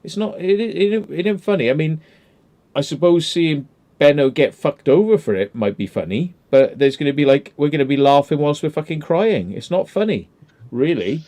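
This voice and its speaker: A man's voice: a little high, lively intonation, moderate pace, warm tone. A man, hosting a casual commentary chat, blunt and emphatic with heavy swearing. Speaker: channel host.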